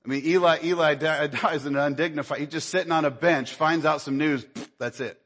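High-voiced preacher in a reverberant hall. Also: male voice, fairly even intonation, fairly quick, fairly bright tone. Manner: conversational preaching, acts out Bible dialogue, rises in pitch when stirred. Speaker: pastor. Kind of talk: sermon.

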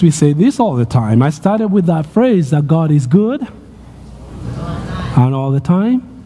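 A man preaches to his congregation in a sermon, often repeating his lines with growing fervor. His voice sits high for a man. The sound carries the long reverb of a church hall. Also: darkish tone, slight background noise. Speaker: pastor.

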